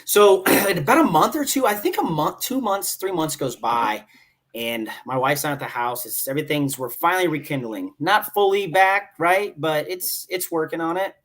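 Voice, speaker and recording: A man in his thirties, a Marine staff sergeant guest on a podcast, telling stories in casual chat, animated and casually swearing. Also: a little high, normal speed.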